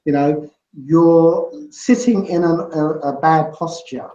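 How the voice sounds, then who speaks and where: A man talks through his ideas in a casual interview, looping back with "you know" and "right?". His voice sits a little high for a man. The sound is echoey and muffled. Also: slow, dark tone, slight background noise. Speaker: guest.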